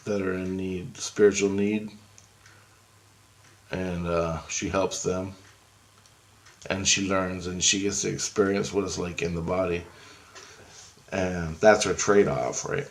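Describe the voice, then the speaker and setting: A man with a low, gravelly voice tells a rambling story straight to camera. He gets excitable as he goes and keeps quoting each side of a conversation back and forth. It has the loose, unscripted feel of a casual vlog monologue. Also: takes it slowly, pauses often. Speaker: vlogger.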